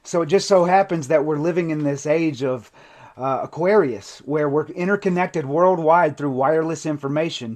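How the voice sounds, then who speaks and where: A man who coaches people in recovery, giving an impassioned, emotional livestream monologue that swings from intense to hushed. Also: a little high, moderate pace. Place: TikTok live stream.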